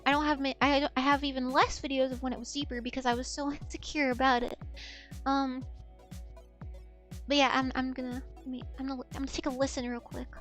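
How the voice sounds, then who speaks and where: A woman VTuber chatting casually on a live stream, rambling and self-mocking, with a soft girlish voice. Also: high-pitched, level tone, a little fast, soft background music.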